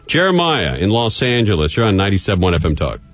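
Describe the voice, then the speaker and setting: Brisk, lively radio host. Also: male voice, lowish voice, no echo. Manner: brisk, dry, teasing callers. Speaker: radio talk show host. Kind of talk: call-in show hosting. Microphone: studio microphone.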